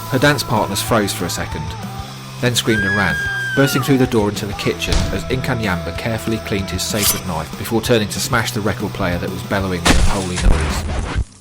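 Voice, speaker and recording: A man reading a horror audiobook in a dramatic, measured way. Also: on the low side. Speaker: narrator. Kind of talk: scripted horror story narration. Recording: narration with loud music bed.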